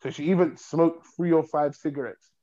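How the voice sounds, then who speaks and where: A young man telling a long story in a rambling, animated way, repeating himself. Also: a little high, moderate pace, dull audio. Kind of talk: casual storytelling.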